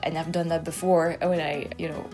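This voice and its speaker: A young woman from France speaks English with a French accent, casually and with real emphasis, often restarting her sentences. Her voice sits on the low side for a woman, and faint music plays underneath. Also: fairly quick. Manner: animated, emphatic, with frequent restarts. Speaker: YouTube host. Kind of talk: casual explainer talk to camera.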